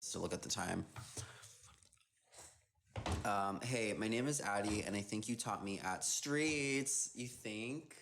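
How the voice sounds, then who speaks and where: Speaking slowly with long pauses and background noise behind him, this young man has a fairly low pitch. As a dancer running an Instagram live, he reads out comments from viewers and replies in a playful, offhand way, frequently leaving thoughts unfinished.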